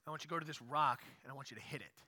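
A man voicing God as a calm, reassuring male provider who talks casually, in a low, hushed voice. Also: a little fast. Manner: casual, easygoing speech. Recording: long hall reverb.

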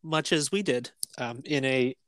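A man co-hosts a casual podcast with a mid-pitched voice on a dry, close mic. He jokes, swears freely and stumbles through quick repeated restarts. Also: fairly bright tone, no echo. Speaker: podcast co-host.

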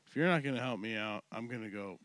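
A man's voice: on the low side, fast talker, a bit bright, no room sound, lightly acted. A man voicing a blunt, scheming ten-year-old boy in a told joke, demanding and matter-of-fact.

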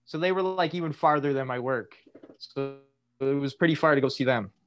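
A man's voice: mid-range voice, brisk, muffled recording, faint music behind. A young man on a podcast, telling a long rambling story with lots of fillers and laughing as he goes. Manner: rambling, filler-heavy, laughs through his stories. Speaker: podcast co-host. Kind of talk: casual storytelling chat.

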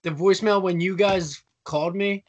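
High-voiced rambling young guy. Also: fairly even intonation, moderate pace. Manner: laid-back, rambling with many "like"s. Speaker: podcast co-host. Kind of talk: casual chat.

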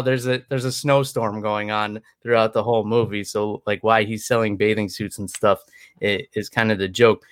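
A man's voice: on the low side, a bit bright, clear, resonant tone, no room sound, clean studio sound. Tired, rambling man. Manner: rambling, chatty, many restarts. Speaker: podcast co-host. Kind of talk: casual chat.

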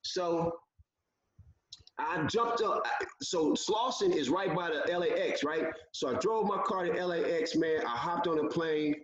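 A man telling a long story in a casual interview, animated, often acting out what people said. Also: a little high, measured pace, reverberant, muffled recording, slight background noise. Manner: animated storyteller, acts out quotes. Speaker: guest.

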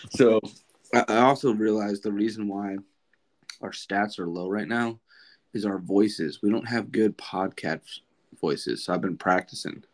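A man's voice: lowish voice, slow pace, long pauses. A young man co-hosting a podcast, chatting casually and rambling with lots of laughs and fillers. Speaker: podcast co-host. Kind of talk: casual chat.

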